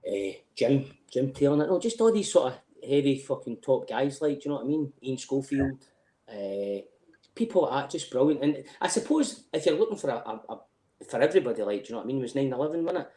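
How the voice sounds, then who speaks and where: Man, Scottish accent, middle-aged, rapid talk, echoey room, rambling, sweary. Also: medium pitch, animated, mellow. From Scotland. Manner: rambling storyteller, swears freely, frequent "do you know what I mean". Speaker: podcast guest. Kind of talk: casual chat.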